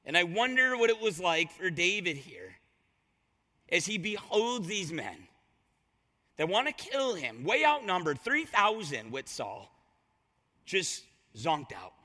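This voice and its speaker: A man preaching a sermon, retelling a scripture story with lively voiced quotes. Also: sits high, slow pace, pauses often. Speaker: pastor. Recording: long reverb of a large hall.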